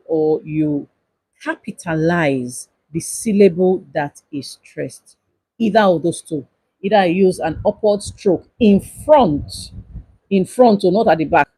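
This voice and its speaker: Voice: mid-range voice, dark tone, slightly rough, dry recording, poor audio. A lecturer giving a livestreamed exam-review lesson, repeating instructions with emphasis. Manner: repetitive, emphatic instructions to students.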